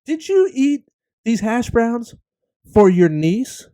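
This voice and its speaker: A man's voice: very high voice, sing-song, slow, warm tone, voice pushed up, full character voice. A man mimicking his accusing, guilt-tripping wife. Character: exasperated wife, adult woman, guilt-tripping.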